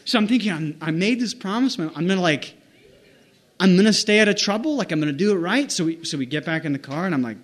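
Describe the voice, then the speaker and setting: A man's voice: sits high, expressive, quick pace. A man telling a rambling, self-mocking story in casual speech, with restarts and little quoted voices. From United States. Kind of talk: casual spoken anecdote.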